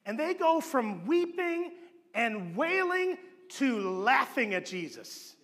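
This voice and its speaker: A man preaching a sermon as pastor, telling the story with animated acted-out voices and dropping to a low hush for emphasis. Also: slow pace. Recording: long hall reverb.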